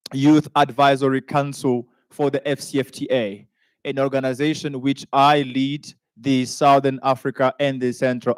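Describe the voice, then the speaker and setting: A man's voice: medium pitch, smooth, no room sound. A man hosting a youth summit as master of ceremonies, chatty and joking as he introduces a panel and stumbles over guests' names. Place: conference hall.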